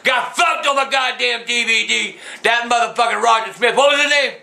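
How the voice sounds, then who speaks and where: An older man with a drawl hollers a profane rant, his voice pitched unusually high and gravelly with fry. The tone is sharp and forceful, full of shouted curses. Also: fairly quick. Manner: loud, profane, shouting and cursing. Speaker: grandfather ranting on camera. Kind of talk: casual home video rant.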